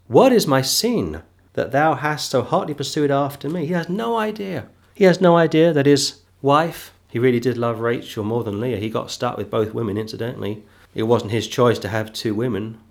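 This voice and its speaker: Guy preaching a bible study, reads verses slow then repeats lines for punch, mid-pitched voice. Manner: reads scripture slowly, then comments with emphatic repetition. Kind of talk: Bible teaching sermon.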